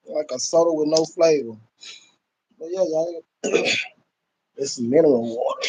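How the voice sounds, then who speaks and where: A man's voice: on the high side, takes it slowly, pauses often, mellow, slight background noise, rough recording. A man chatting loosely and calling out to his viewers on a home livestream. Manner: laid-back, loose talk, calls out to viewers constantly. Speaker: livestream host. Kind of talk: casual livestream chat.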